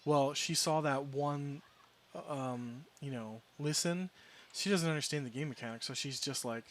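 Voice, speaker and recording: A man's voice: on the high side, moderate pace, a bit bright. Rambling, amused man telling a story. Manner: rambling, self-correcting, amused. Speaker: game streamer. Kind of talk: casual storytelling chat.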